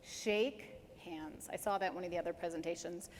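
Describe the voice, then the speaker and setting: A Canadian woman gives a live presentation at a dental career talk, speaking at normal speed in a lowish voice to an audience in a large hall. She is lively and emphatic, shifting pace to demonstrate, with hall reverb and faint background noise in the recording.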